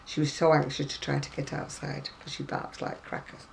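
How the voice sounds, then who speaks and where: A woman's voice: sits low, completely flat delivery, brisk, vocal fry, slight background noise, poor audio. A British woman chatting casually at home while showing crochet magazines, rambling with wry asides. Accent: British English. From Britain. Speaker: crochet vlogger.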